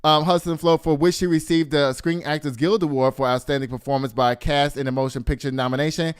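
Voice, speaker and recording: Male host, 50s, lively chatty gossip delivery, slightly high, smooth clear voice. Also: quick pace. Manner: animated, exclaiming, talks straight to the audience. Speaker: show host. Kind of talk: casual gossip commentary.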